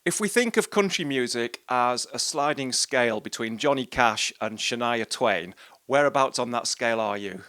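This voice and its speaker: A man's voice: medium pitch, lively intonation, normal speed, a bit bright, smooth, no room sound, studio quality. A man presenting a live on-stage interview in a bookshop, in a playful manner with jokey compliments.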